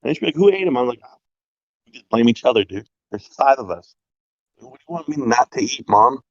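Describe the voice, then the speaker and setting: A man's voice: mid-range voice, a little fast, no room sound, muffled recording. A man co-hosting a livestream in casual chat, ranting and opinionated. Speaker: livestream co-host.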